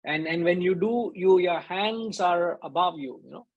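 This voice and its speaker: A man's voice: high voice, moderate pace, dull audio. A man giving a conversational spiritual discourse as a teacher, briefly acting out the voices in his stories. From India.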